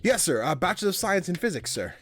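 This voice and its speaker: A man's voice: high-pitched, sing-song, fast, a bit bright, soft background music. A man voicing a nervous young immigrant father who answers a job interview politely and hesitantly in a game. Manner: formal, hesitant, many sirs.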